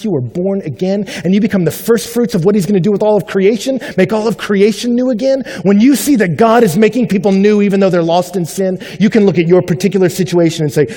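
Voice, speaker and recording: A man preaches a sermon in a large church hall, his slightly raised voice ringing with long reverb. He tells stories with sudden loud, animated bursts that drop into hushed, quiet passages. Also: sits high, quick pace, hardly any pauses. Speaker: pastor.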